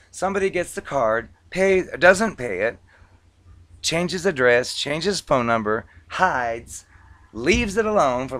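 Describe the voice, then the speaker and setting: Casual higher-pitched male storyteller. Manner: conversational, relaxed, with filler words. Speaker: vlogger recounting past collections work.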